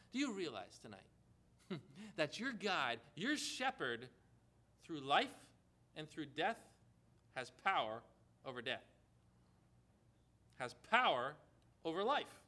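A man's voice: fairly high pitch, big pitch swings, takes it slowly, long pauses, sharp tone. A man preaching a sermon, speaking emphatically and putting rhetorical questions to his congregation.

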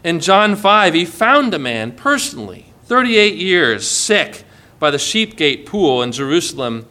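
A man's voice: fairly high pitch, unhurried. A man preaching a sermon in a conversational way, acting out quoted lines and adding light asides. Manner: expressive, acts out quoted lines with shifts in volume and pace.

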